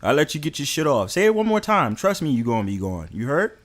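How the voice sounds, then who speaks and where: A man's voice: on the high side, sing-song, fast talker. A man with a New York accent, talking brash, profane and confrontational in heated banter on an online call. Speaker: panel guest.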